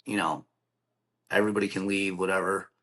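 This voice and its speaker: Speaking briskly in a low, steady, slightly bright voice, a middle-aged man shares an emotional personal story as a podcast guest. He keeps it earnest and plainspoken, acting out the voices of the people he describes.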